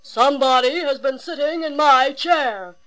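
A woman voicing a big gruff father bear in a storybook reading, rough and stern. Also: high voice, unhurried, a bit bright, low-quality recording. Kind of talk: storybook read-aloud.

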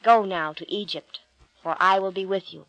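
A woman voicing God as a mighty, solemn male figure in a storybook reading, speaking slowly and with command. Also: medium pitch, fairly bright tone, no room sound, pitched below the performer's own voice, natural voice, rough recording.

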